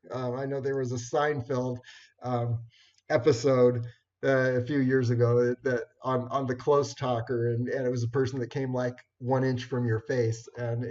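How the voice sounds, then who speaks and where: A man giving an informal talk on networking skills, unhurried, with many fillers and restarts. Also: medium pitch, darkish tone. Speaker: networking presenter. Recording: dull lo-fi recording.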